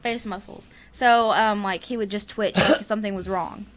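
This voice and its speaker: A woman's voice: medium pitch, fairly even intonation, moderate pace. A woman with a Southern US accent casually retelling a ghost story on a podcast, rambling with many fillers and frequent laughs. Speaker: podcast co-host.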